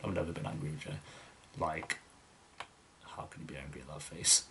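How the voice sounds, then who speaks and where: A young man with a deep, low voice hosts a relaxed Q&A. He rambles through viewer questions, loose and chatty, restarting his sentences and filling gaps with "um" and "like". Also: fairly quick, slight background noise. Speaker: YouTube reaction channel host. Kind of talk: casual Q&A, reading viewer questions.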